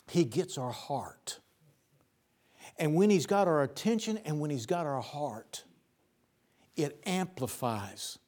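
A man preaching a sermon in plain folksy speech, repeating words for emphasis and swinging from loud bursts to low, soft phrases.

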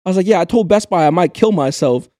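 Fast-talking young man telling a story. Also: high voice, dry recording, studio quality. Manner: animated storytelling, swearing freely. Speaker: podcast co-host. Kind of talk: casual chat.

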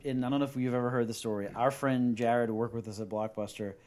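A man's voice: medium pitch, steady tone, quick pace, darkish tone. Wry man chatting casually. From New Orleans. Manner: dry, wry remarks, tells anecdotes. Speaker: podcast co-host. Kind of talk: casual chat.

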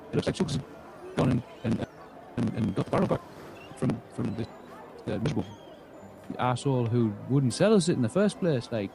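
A man's voice: medium pitch, gravelly, dark tone, rough recording. Rambling man spinning a tale. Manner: rambling, full of restarts and acted-out quotes. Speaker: game master. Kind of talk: in-character storytelling at a tabletop game.

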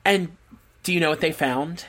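A woman's voice: sits low, normal speed. A woman co-hosting a podcast, telling a true crime case in casual chat, laughing and adding asides as she goes. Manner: laughs often, relaxed storytelling with asides.

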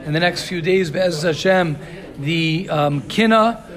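A man whose voice sits on the high side teaches Torah, reading Hebrew quickly before eagerly breaking it down. He often asks his listeners "right?" and "you hear this?"

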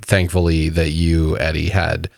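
A man's voice: extremely low pitch, level tone, unhurried, gravelly, darkish tone, dry recording, clean studio sound. A man in his thirties co-hosting a podcast in casual chat, self-deprecating and stumbling over his words now and then. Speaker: podcast co-host.

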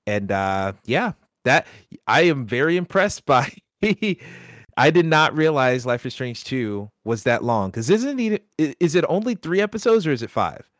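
A man hosting a casual gaming podcast, talking excitedly and often breaking into laughter. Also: medium pitch, normal speed, no echo, clean studio sound. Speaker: podcast host. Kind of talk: casual chat.

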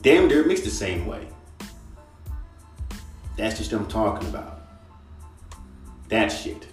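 A man's voice: lowish voice, very animated, slow. A young man hosting a podcast, ranting casually and profanely about rap and imitating other rappers' flows. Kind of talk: casual solo rant. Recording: echoey room, mic at a distance, faint music.

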